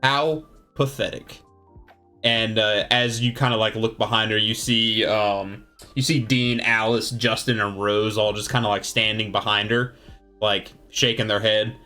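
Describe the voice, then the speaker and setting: A man's voice: fairly low pitch, flat delivery, normal speed, bright, forceful tone, soft background music. A man narrating a casual tabletop game as game master, loose and rambling with many fillers.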